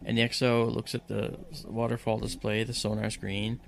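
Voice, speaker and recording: A man recounting a dramatic personal experience, telling it in an animated way and acting out the voices of the people in it. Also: on the low side, moderate pace, creaky, slight background noise. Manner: animated storyteller who acts out quoted voices. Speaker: guest recounting a personal story. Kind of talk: storytelling in conversation.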